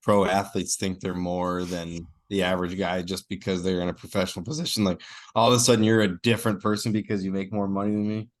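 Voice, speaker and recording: A man's voice: low voice, little pitch movement, quick pace. A young man co-hosting a casual podcast, rambling with many fillers. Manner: rambling, heavy use of like. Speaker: podcast co-host.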